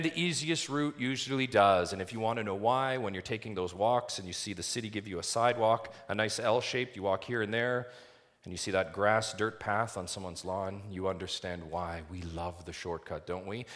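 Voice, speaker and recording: A male pastor preaching a sermon, reading scripture slowly and putting rhetorical questions to the congregation. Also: on the low side, a bit bright. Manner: reads scripture aloud slowly and deliberately.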